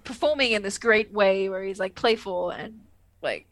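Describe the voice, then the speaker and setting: A woman with a mid-range voice co-hosts a podcast, chatting casually at a moderate pace. She rambles, laughs a lot, and fills her speech with fillers, and there's no room sound.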